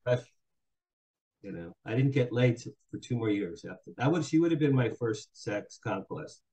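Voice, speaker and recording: A man's voice: mid-range voice, normal speed, poor audio. An older man from New Jersey, a guest author telling a comic personal story and acting out other people's lines. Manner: animated, acts out other people's quotes.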